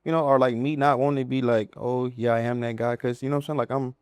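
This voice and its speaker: A man's voice: mid-range voice, steady tone, quick pace, clear, resonant tone, no room sound, clean studio sound. A man in his twenties from Mississippi with a Southern country accent, a guest chatting laid-back and humble in slangy stories. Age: 20s. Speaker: guest, comedian and content creator. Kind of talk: casual interview chat.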